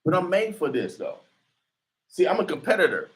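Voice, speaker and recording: A man hosting a talk radio show, preaching defiantly and rising to near shouts. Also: high-pitched, very animated, normal speed. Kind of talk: fiery talk radio commentary.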